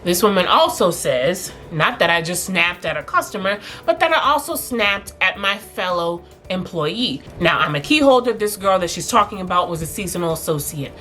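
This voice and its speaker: A young woman vlogger telling a personal workplace story in a casual, animated way, laughing at times, with faint music behind her. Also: lowish voice, normal speed, hardly any pauses.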